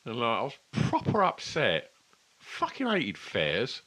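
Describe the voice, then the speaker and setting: A man's voice: mid-range voice, huge pitch swings, slow, pushed and bright. A man, co-hosting a casual podcast chat and telling rambling, sweary stories. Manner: rambling, sweary, chatty storytelling. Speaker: podcast co-host. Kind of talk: casual chat over beers.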